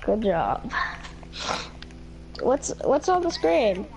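A woman in casual gameplay chat, excitable and silly, making playful noises and coughing again and again. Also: fairly high pitch, extremely slow, creaky, a little hiss or hum, poor audio. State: coughing repeatedly.

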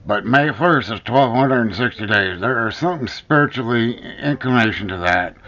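A male vlogger launches into an angry, profane rant at the camera, hammering his accusations again and again. His mid-range voice is expressive, bright and forceful, moving at a normal speed. The lo-fi recording sounds dull.

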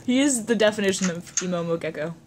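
A woman's voice: mid-range voice, quick pace, background noise. A woman co-hosting a let's play, chatting casually and playfully while reading game text aloud. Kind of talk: casual gameplay chat.

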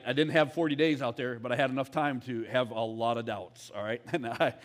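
Candid man preaching a casual sermon. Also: medium pitch. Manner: conversational, candid, often asks "all right?". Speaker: executive pastor. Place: church.

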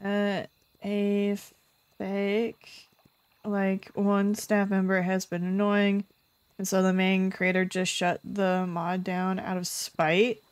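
Chatty woman streamer, slow-talking. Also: medium pitch, completely flat delivery, clear, resonant tone, dry recording. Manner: chatty, reads chat, bursts into loud frustrated yelps. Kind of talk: casual live game commentary.

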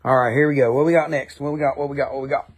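A man's voice: mid-range voice, steady tone, rapid-fire, breathy edge. A man hosting a casual live-stream sale of rocks and minerals, chatty and jokey, with offhand swearing.

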